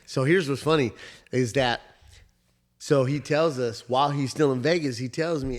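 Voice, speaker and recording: A man's voice: medium pitch, moderate pace. A young man telling a story on a casual podcast, swearing freely and acting out every line of the dialogue. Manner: profane, animated storyteller acting out both sides of the dialogue. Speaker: podcast co-host.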